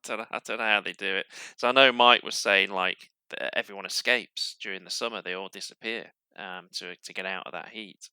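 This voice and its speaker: A podcast host from Yorkshire with a softened Yorkshire accent, chatting casually and interviewing a guest with frequent restarts and fillers. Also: male voice, on the low side, fairly even intonation, a little fast, hardly any pauses, smooth, dry recording. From Yorkshire, England.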